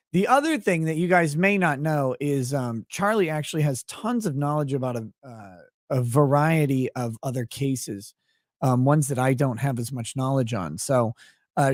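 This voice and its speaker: Male stream host, fairly high voice, halting and wry, dry close-mic sound. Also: no room sound. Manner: rambling, halting, wry asides. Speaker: livestream host and lawyer. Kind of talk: casual livestream chat.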